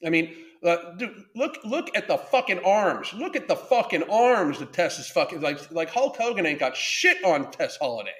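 A man's voice: high-pitched, big pitch swings, normal speed, few pauses, a bit bright. A man hosting a livestream, ranting bluntly and swearing constantly, reading viewer comments aloud between tirades. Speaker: livestream podcast host. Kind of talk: profane ranting livestream monologue.

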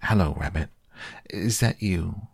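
A man voicing a simple, cheerful male bear in a soft, half-whispered bedtime storybook reading. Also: deep voice, a little slow, vocal fry, husky, no room sound, clean studio sound, heavily acted.

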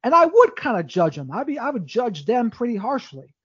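A man's voice: very high-pitched, very animated, a little fast, fairly bright tone, breathy edge, dry recording, lo-fi sound. A man, a podcast guest, telling his life story in a candid, rambling way with frequent restarts. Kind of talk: casual storytelling interview.

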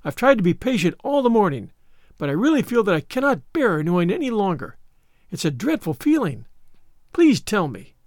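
A man's voice: high-pitched, big pitch swings, normal speed, a little mellow, no room sound, clean studio sound. A man voicing an eager, imaginative orphan girl of about eleven in an audiobook, gushing and pleading. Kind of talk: audiobook character voice.

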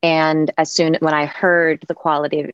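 A woman's voice: deep voice, flat delivery, moderate pace, clear, resonant tone. An actress speaking in a reflective roundtable conversation, searching for her words with frequent restarts. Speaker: actress guest. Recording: dull, dry sound.

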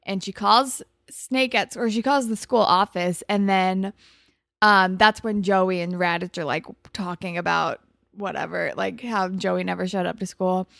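A woman's voice: medium pitch, unhurried, creaky, no room sound, studio quality. A woman co-hosting a podcast, retelling a TV episode in casual chat with "like" fillers and small restarts. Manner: steady plot summarizing with "like" fillers and small restarts. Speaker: podcast co-host.

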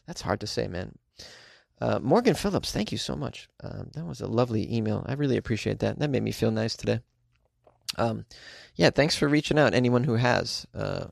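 A man's voice: mid-range voice, creaky, dry recording, studio quality. A man hosting a comedy news podcast, chatting casually with slangy asides and frequent laughs.

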